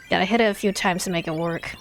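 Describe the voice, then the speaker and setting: A woman live-streaming her reaction to a game showcase, chatty with giggly asides. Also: fairly low pitch. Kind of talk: casual live-stream commentary.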